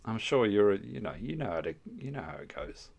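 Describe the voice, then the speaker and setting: Streamer, low voice, sweary teasing banter, desk mic. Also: male voice, big pitch swings, brisk, gravelly, a little mellow, muffled recording. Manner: crude, swearing, mock-outraged banter with chat. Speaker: livestream host. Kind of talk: casual livestream banter.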